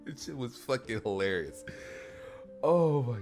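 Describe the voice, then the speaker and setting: A man's voice: medium pitch, normal speed, faint music behind. A man co-hosting a casual podcast, reading stories aloud and laughing often between lines. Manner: laughing, animated, swearing. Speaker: podcast co-host.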